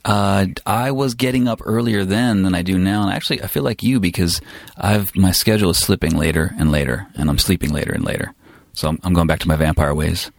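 Man, audio engineer guest, casual chat, wry, very deep voice. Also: fairly even intonation, a little fast, creaky, no room sound. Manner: dry, wry humor.

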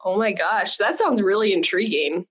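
Young woman on a podcast, mid-pitch voice, says yeah exactly a lot. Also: a bit bright, breathy edge, poor audio. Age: young adult. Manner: agreeable listener, quick affirmations. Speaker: podcast guest. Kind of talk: casual chat.

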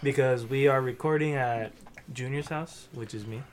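A man's voice: mid-range voice, normal speed, slight background noise. A young man hosting a casual podcast from a friend's house, laid-back and swearing freely. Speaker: podcast host. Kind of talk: casual chat.

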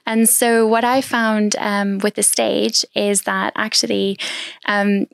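A woman's voice: mid-range voice, little pitch movement, takes it slowly, creaky, no room sound, studio quality. Chatty woman from South Africa. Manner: chatty and open, laughs lightly between thoughts. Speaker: podcast guest. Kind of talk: casual interview chat.

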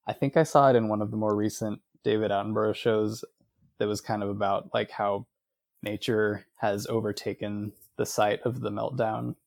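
Laid back guy cohost, gravelly low voice, dry mic, kinda rambly. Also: moderate pace, no echo. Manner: relaxed, self-deprecating, rambling. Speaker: color commentator. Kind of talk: casual podcast chat.

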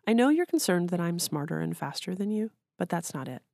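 Prim, self-assured young woman analyst, read by a woman, matter-of-fact, low gravelly tone. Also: very animated, fairly quick, dark tone, no room sound, clean studio sound.

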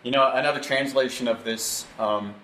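A man's voice: medium pitch, fairly even intonation, moderate pace, sharp tone. A man leading a Bible study with slides, teaching conversationally and asking the group for amens. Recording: echoey room, faint background noise.

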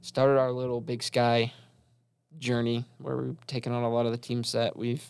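A man's voice: mid-range voice, completely flat delivery, normal speed, vocal fry, a little mellow, smooth, no room sound, clean studio sound. A young man co-hosting a college sports talk show, recapping games in a loose, casual way with lots of fillers. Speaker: college sports podcast co-host.

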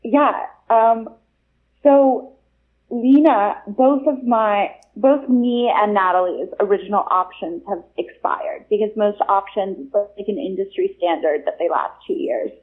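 A woman's voice: mid-range voice, a little slow. Woman on a tinny phone line. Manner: breezy, frequent filler "like", wry. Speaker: guest author. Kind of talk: conversational storytelling.

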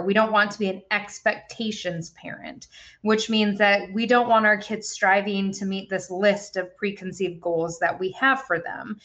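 This podcast co-host, a woman in her thirties, swears freely while chatting openly about a parenting book in casual book-club style. Her voice is medium-pitched and a bit bright, with the highs cut off.

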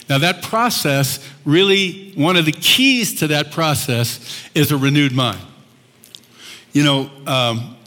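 A male pastor preaching a sermon, telling the story with animated voices and laughs. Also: mid-range voice. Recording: long hall reverb.

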